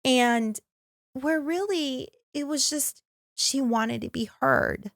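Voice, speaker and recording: A woman's voice: high-pitched, slow, creaky, fairly bright tone, no echo, studio quality. A middle-aged woman co-hosting a podcast, chatting and acting out quoted voices. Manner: conversational, acts out quoted voices. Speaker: podcast co-host. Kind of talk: casual chat.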